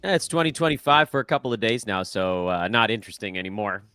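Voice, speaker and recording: A man's voice: on the low side, lively intonation, fast, bright, forceful tone, clean tone, soft background music. A middle-aged man hosting a casual sports podcast, talking in a wry, self-deprecating, chatty way with frequent fillers. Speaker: podcast host. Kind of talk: casual fantasy basketball podcast.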